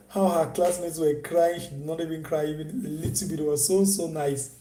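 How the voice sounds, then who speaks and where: A man's voice: fairly high pitch, moderate pace, hardly any pauses, warm tone. A man hosting a casual live stream, coaching viewers on online selling in a repetitive, persuasive way. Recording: echoey room.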